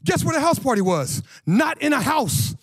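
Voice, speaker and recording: A man in his forties preaching a lively conversational sermon as pastor, slangy and animated, asking the congregation questions. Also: extremely high pitch, moderate pace, dry recording.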